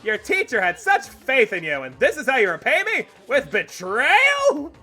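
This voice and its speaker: Loud, squeaky, theatrical bear headmaster for a game read, swinging wildly up and down. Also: male voice, wildly swooping pitch, moderate pace, soft background music, full character voice. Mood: mock-hurt. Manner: shrill, shouting, theatrical. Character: gleeful cruel male bear mascot headmaster. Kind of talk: voicing game dialogue on a stream.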